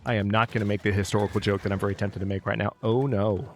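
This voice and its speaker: A man's voice: on the low side, fairly even intonation, quick pace, soft background music. A man casually commentating his own strategy game, thinking aloud and talking to the units on screen. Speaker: let's play host.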